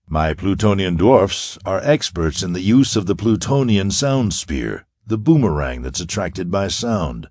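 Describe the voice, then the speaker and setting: A man voicing a suave, gloating half-Martian villain who speaks with soft, ironical menace in an audiobook. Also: low-pitched, no room sound, studio quality, full character voice.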